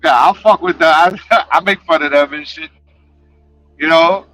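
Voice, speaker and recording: A man chatting casually on a live stream, talking in an animated, passionate way and swearing freely, speaking into a headset. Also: on the high side, moderate pace, faint music behind, low-quality recording. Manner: animated, passionate, profane talk.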